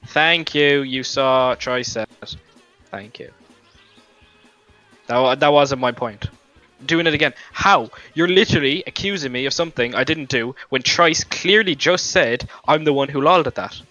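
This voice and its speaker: A young man argues over a gaming voice chat, talking in long, rambling runs and swearing freely. His voice is bright and sharp. The lo-fi headset sound has some faint music behind it. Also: medium pitch, moderate pace, no room sound. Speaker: gamer in voice chat. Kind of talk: heated voice chat argument.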